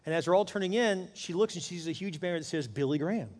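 A man's voice: high-pitched, quick pace, a little mellow, long reverb tail. A man preaching a sermon, telling a story with acted-out voices and building to urgent appeals. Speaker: pastor.

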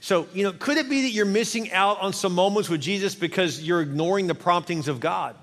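High-voiced man preaching in a hall. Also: brisk. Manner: fervent, rising to shouting exhortation. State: winded at times. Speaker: pastor. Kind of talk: sermon.

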